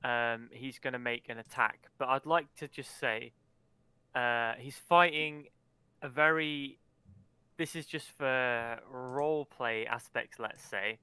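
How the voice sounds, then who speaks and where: A man's voice: medium pitch, slow, sharp tone, clean tone, dry recording. A man playing a tabletop game, chatty and hesitant as he describes his character's moves. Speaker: player. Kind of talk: casual tabletop play.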